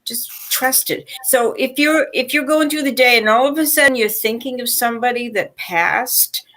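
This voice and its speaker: A woman hosting a livestream of psychic readings, explaining things calmly and reassuringly. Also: fairly high pitch, moderate pace. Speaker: host and psychic reader. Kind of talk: livestream chat.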